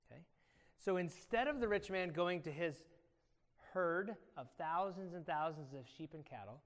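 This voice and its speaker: High-voiced pastor teaching children. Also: male voice, moderate pace. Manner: animated, quizzes children by name. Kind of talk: children's Bible lesson. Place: church. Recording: echoey church hall.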